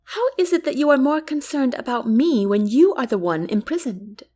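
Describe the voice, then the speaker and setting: A woman voicing a thoughtful, guarded young queen in an audiobook, formal and measured. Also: sits high, lively intonation, a little mellow, voice pushed up. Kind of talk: audiobook character reading.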